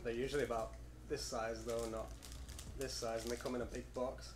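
A man's voice: mid-range voice, flat delivery, brisk. Casting: young British guy, laid-back dry co-host, echoey room with noise behind. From United Kingdom. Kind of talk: casual snack taste-test chat.

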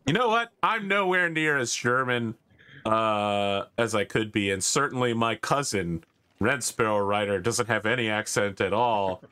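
A man's voice: lowish voice, unhurried, sharp tone, smooth. A man playing a tabletop game, chatting casually and joking playfully. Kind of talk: casual tabletop role-play chat.

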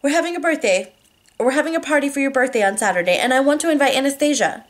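A woman voicing a bubbly, pushy young woman who is the narrator's little sister, talking loud and excited. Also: sits high, fast talker, voice pushed up.

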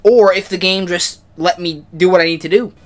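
A young man playing a motion-controlled bowling game and commenting at his desk at home, excitable and often breaking into screams and shouts. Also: high voice, moderate pace. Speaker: gaming video creator. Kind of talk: excitable let's-play commentary. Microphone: desk mic, camera off.

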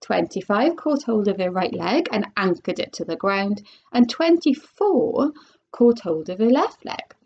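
A woman's voice: mid-range voice, very animated, unhurried, darkish tone, slightly rough. A woman, a primary school teacher, reading a children's storybook aloud expressively. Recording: dull lo-fi recording.

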